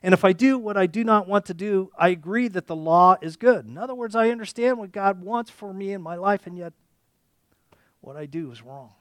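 A male preacher delivers a sermon in a fairly high voice, recorded dry and close. He reads scripture aloud, then talks to his congregation directly. His delivery swells into loud, impassioned cries and sinks to hushed, almost whispered lines. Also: a little fast, few pauses, no echo.

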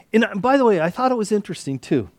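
A man preaching a sermon, dropping to whispers and rising to near shouts as he acts out the story. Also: high voice, big pitch swings, fast talker, no echo. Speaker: pastor.

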